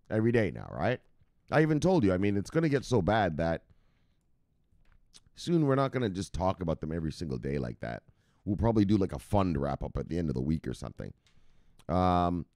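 A man's voice: lowish voice, a little mellow, no echo, clean studio sound. An American man hosting a crypto news show in casual, profane, rambling commentary with mock dramatic voices.

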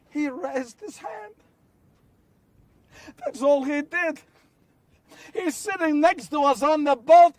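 A man's voice: very high-pitched, no echo, distant mic. A man playing an earnest apostle who recalls miracles in a first-person monologue, telling the story and asking his listeners questions, recorded outdoors. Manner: storytelling, rhetorical questions to listeners, builds to shouts. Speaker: actor in a one-man biblical monologue. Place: outdoors on location.

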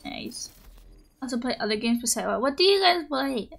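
A young woman streaming a game, chatting casually with her viewers; her voice is raspy and hoarse from just waking up, and she giggles often. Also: high-pitched, lively intonation, moderate pace, a bit bright, faint music behind. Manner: bubbly, giggly, playful. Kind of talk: casual live-stream chat.

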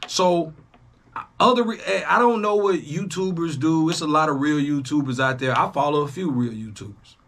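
A young man, hosting a reaction channel in a casual, profane monologue that swings between loud jabs and low asides. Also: moderate pace. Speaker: YouTube reaction host.

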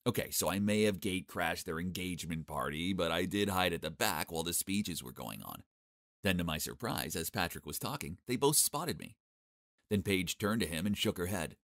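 Young guy telling a cartoon story, cocky and sarcastic, low voice that jumps around a lot. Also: expressive, moderate pace, fairly bright tone, no room sound, clean studio sound. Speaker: narrator. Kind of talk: first-person animated story narration.

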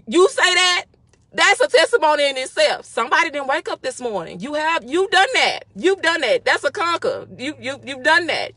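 A woman hosting a casual devotional talk, speaking with excitement and emphatic repetition. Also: high voice, a little fast, no echo. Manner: excited, emphatic, with repeated phrases.

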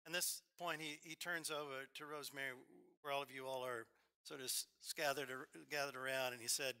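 A man's voice: medium pitch, steady tone, a little fast, clean tone. A man with an Alabama accent giving a eulogy at a memorial service in a church, telling stories with frequent fillers and asides. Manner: storytelling, warm asides, hesitant fillers. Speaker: officiant.

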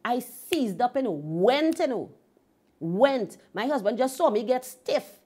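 A woman hosts a devotional broadcast, teaching and retelling testimonies. Her voice is mellow and warm. She tells the story with emphasis on the key words. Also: on the high side, very animated, slow, slightly rough. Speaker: host and minister.

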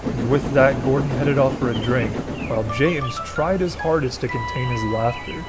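A man narrating a storybook about steam engines in a gentle, measured manner. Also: mid-range voice, over loud music.

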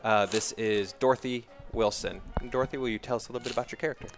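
A man narrating a tabletop game as game master, relaxed and full of fillers. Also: medium pitch, quick pace, soft background music.

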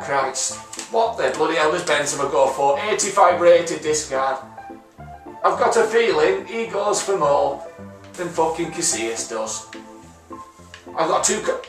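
A young man commentating a game pack opening, excitable and sweary, yelling and groaning at each result. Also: high voice, unhurried, pauses often, recorded from a distance. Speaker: gaming YouTuber. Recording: roomy echo, voice a bit off-mic, faint music.

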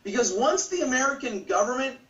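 A man's voice: very high-pitched, lively intonation, fairly quick, sharp tone. A man speaking as an interview guest, passionate and argumentative, pressing his points with repeated words. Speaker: guest, political campaigner. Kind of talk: emphatic interview answers. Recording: distant echoey room sound.

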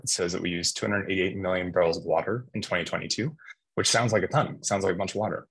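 Man, husky lower voice, upbeat public commenter over a video call, casual with plenty of uhs. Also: fairly bright tone, rough recording. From Colorado, USA. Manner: casual, upbeat, with frequent fillers. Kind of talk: public comment at a virtual hearing. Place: home setup on a video call. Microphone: video call mic.

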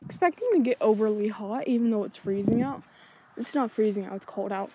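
A scatterbrained vlogger talks to herself at night while swinging on a backyard swing in the cold, shooting on a handheld iPod. She speaks a little fast in a fairly high, mellow voice, with some hiss or hum behind it.

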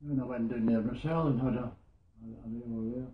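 A Scottish war veteran in his nineties, interviewed for an oral history, recalls his wartime years in rambling stories, often repeating "I says." He talks fast in a steady, mid-range voice, and the recording is echoey and tinny, like a phone.

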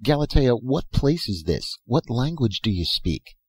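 A bewildered young man asks puzzled questions in a strange land, played by a male reader. His husky voice sits a little above the reader's low narration. The recording is dry and close. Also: very animated, measured pace, darkish tone, no room sound.

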